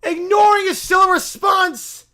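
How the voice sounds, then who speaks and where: A man's voice: very high-pitched, fairly even intonation, measured pace, bright, forceful tone, shouting, voice pushed up, full character voice. A man voicing a self-righteous male preacher of a silly pizza religion who shrieks and rants in constant indignation. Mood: ranting outrage.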